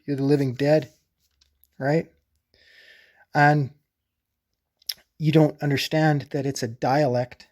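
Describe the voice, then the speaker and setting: A man delivering a rambling explanatory monologue to camera, insistent and blunt, with profanity, lingering slowly over puns. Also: mid-range voice, creaky, darkish tone. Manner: repeats and drags out puns slowly. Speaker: solo video presenter.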